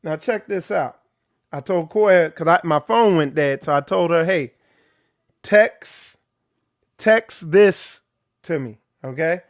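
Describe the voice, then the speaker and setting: A man's voice: on the high side, takes it slowly, pauses often, dry recording, studio quality. A man leading an informal ministry talk, preaching bluntly and with animation. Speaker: ministry leader. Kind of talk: informal sermon.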